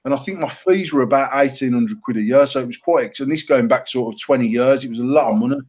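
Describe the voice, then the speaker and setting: A man's voice: mid-range voice, fast talker, breathy edge. Swearing British man telling stories. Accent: British English. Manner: heavy swearing, animated and self-mocking. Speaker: podcast co-host. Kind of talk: casual storytelling chat.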